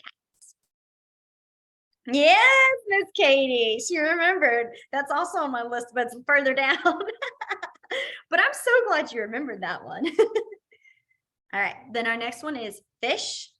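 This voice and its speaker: A woman's voice: a little high, lively intonation, normal speed, pauses often, sharp tone. A young adult woman teaching a sign language class online, chatty and rambling, with many fillers and easy laughter.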